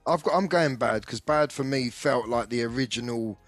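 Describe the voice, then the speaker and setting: A man in his forties co-hosting a casual nostalgia podcast, laid-back and quick to laugh. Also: medium pitch, no echo, soft background music. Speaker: podcast co-host.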